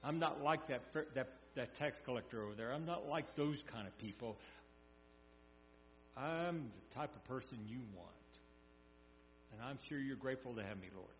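A man voicing a smug, self-praising Pharisee who brags loudly in his prayer. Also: mid-range voice, expressive, moderate pace, natural voice. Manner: boastful, raised and loud. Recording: echoey hall, dull sound, mains hum.

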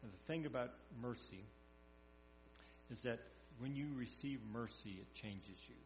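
A man's voice: mid-range voice, a little slow, soft background music. A man preaching a sermon, telling scripture stories in a folksy way and acting them out. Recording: echoey hall, dull sound, mains hum.

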